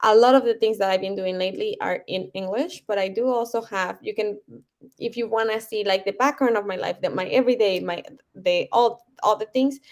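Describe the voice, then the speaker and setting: A woman with a Spanish accent, a friendly guest in a casual interview who sometimes searches for words. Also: medium pitch.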